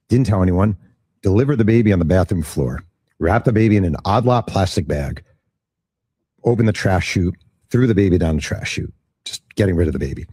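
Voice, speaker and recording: Brief: low, husky-voiced male author spinning an animated story, dry close mic. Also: dry recording. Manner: animated storyteller acting out quotes. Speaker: author interviewed about his book. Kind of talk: storytelling in an interview.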